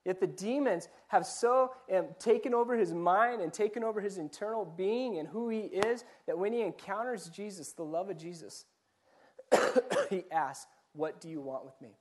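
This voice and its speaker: A man's voice: high-pitched, normal speed. A man, a pastor, preaching a sermon, building points through repeated phrases and direct questions to the listeners. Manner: preaching with rising emphatic repetition.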